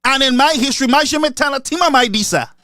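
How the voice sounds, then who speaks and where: A man's voice: extremely high pitch, quick pace, bright, forceful tone, dry recording, studio quality. A man with a Saint Lucian accent giving a mocking political commentary monologue, switching between English and Creole. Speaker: online commentator.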